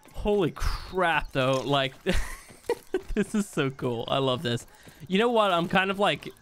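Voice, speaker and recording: A man's voice: a little high, fairly bright tone, slight background noise. A man giving chatty let's play commentary as he plays, thinking aloud with plenty of fillers. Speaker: gaming video creator.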